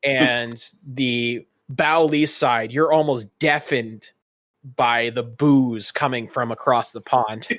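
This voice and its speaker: Slow-talking man running a tabletop game. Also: medium pitch, fairly even intonation, fairly bright tone, no echo, studio quality. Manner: rambling descriptive narration with many fillers. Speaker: game master.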